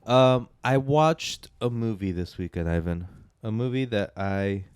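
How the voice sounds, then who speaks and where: A man co-hosts a casual movie podcast, joking and rambling, his energy rising and falling. His voice sits a little low and is smooth and clear. The sound is dry, with no room echo. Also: lively intonation, measured pace, a little mellow, soft background music. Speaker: podcast co-host. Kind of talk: casual chat.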